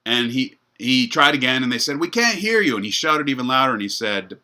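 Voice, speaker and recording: A man's voice: medium pitch, fairly quick, bright, forceful tone. A middle-aged man giving a university lecture in a loose, conversational way, full of fillers and restarts. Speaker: professor.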